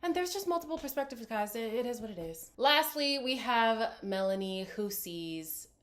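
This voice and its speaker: A woman talks through a reality TV episode in a frank, casual way. Her voice sits a little high. She slips into the cast's lines as she quotes them. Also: animated, normal speed, a bit bright. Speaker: reality TV recap host. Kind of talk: casual reaction commentary.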